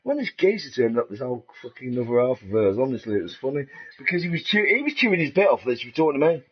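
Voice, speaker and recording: A sing-song, fast, slightly rough medium-pitched voice belongs to a middle-aged English vlogger. His monologue is rambling, crude and casual, punctuated by laughter at his own humor, all on a dull lo-fi recording.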